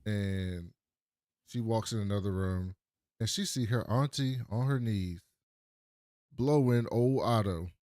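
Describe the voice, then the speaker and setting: A man's voice: lowish voice, slow pace, pauses often, a little mellow, no room sound, studio quality. A man co-hosting a podcast, retelling TV scenes in a casual, profane way and laughing as he goes. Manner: profane, laughing storyteller who acts out the quotes. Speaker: podcast co-host. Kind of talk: casual TV recap chat.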